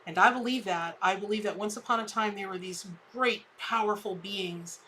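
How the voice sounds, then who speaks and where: Bright-voiced chatty woman tarot reader. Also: moderate pace, a little hiss or hum, low-quality recording. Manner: chatty, warm-hearted, many restarts, jumps high when excited. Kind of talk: live-stream tarot reading.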